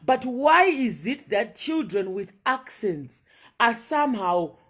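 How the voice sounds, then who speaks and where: A woman's voice: fairly high pitch, big pitch swings, slow, a bit bright, slightly rough. A woman giving a passionate monologue of social commentary, firing off rhetorical questions and switching between English and Shona.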